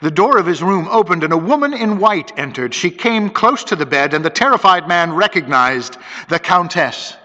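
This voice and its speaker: A man narrates a story with a dramatic, varied reading. His voice is bright, and his pitch rises and falls a great deal. It is heard through a dull, lo-fi recording with a long hall reverb. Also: big pitch swings, normal speed.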